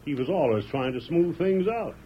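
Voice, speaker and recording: An actor playing a gruff, stubborn frontier wagon master in an old radio western, with a folksy drawl. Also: male voice, a little high, lively intonation, normal speed, slight background noise, natural voice. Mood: skeptical. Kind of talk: 1930s radio drama acting. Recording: dull old radio recording.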